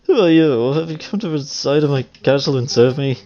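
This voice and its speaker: A man voicing a regal, drowsy female demon overlord in a stately, measured manner while reading a game aloud. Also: a little high, a little mellow, lightly acted. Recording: slightly dull audio with faint music.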